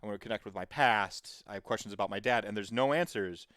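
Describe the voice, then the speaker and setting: A man's voice: on the low side, fast, fairly bright tone, dry recording, clean studio sound. A man hosting a podcast in casual chat, rambling and digressive as he tells stories. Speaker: podcast host.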